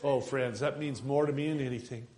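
A man preaching a fervent sermon, swinging between soft low asides and loud exhorting bursts, repeating phrases and asking the congregation questions. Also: steady tone, fairly quick.

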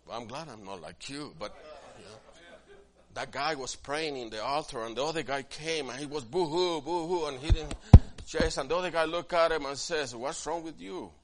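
A man preaching a sermon as pastor, swinging from quiet asides to loud, emphatic passages and acting out what church members say. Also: fairly high pitch, normal speed. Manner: acts out quoted church members in different voices.

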